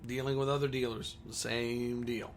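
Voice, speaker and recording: A man's voice: mid-range voice, flat delivery, moderate pace, slight background noise. A man who owns a comic store, talking bluntly and combatively in a ranting monologue.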